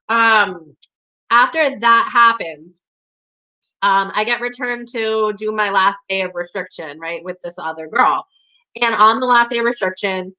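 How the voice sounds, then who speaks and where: A woman's voice: medium pitch, bright, forceful tone, rough recording. A woman telling a personal story in a casual, profane way, full of "like". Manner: casual and profane, heavy use of "like".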